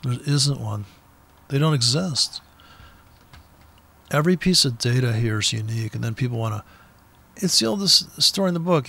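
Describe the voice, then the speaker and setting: A man's voice: medium pitch, expressive, moderate pace, creaky, pauses often, fairly bright tone. A man giving blunt, profane, combative trading commentary in an unscripted rant, speaking from a car with the window down.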